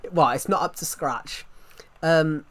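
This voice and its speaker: British male streamer, 20s, slightly high voice, rambling chatty delivery. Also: slow pace, a little hiss or hum. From Britain. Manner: rambling, repeats and restarts phrases. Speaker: Minecraft live streamer. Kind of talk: casual live-stream chat reading out viewer comments.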